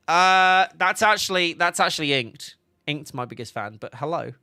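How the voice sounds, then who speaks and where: A man's voice: on the high side, lively intonation, moderate pace, sharp tone, no echo, clean studio sound. A man, chatting casually on a game livestream, laughing often and reading chat aloud. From England. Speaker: game streamer.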